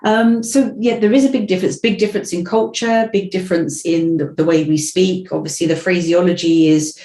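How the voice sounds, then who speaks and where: A woman from Essex with her home accent talks in a casual interview. Her voice sits low and sounds mellow, and she often restarts her sentences as she chats. The room around her rings with echo. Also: fairly even intonation, fairly quick. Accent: Essex English. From Essex, England. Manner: chatty, with frequent restarts. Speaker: podcast guest, voiceover artist.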